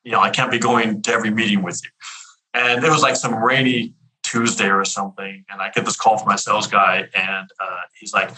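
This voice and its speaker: Man, fifties, very bright tone, energetic storyteller, podcast guest, stumbles and restarts. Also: fairly low pitch, a little fast, low-quality recording. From Houston area, US. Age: 50s. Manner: energetic, repeats words and restarts often. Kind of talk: casual storytelling interview.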